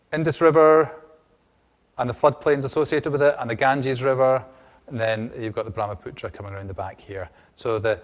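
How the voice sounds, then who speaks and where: A middle-aged man from Scotland with a strong Scottish accent, giving an academic lecture with frequent restarts and fillers. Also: mid-range voice. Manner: hesitant, many restarts and fillers. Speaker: lecturer on groundwater.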